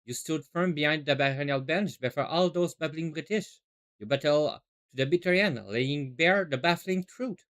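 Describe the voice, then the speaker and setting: A man voicing an excitable Japanese scholar who lurches from gloom to giddy praise, piling up alliterative outbursts. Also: medium pitch, close to an everyday voice.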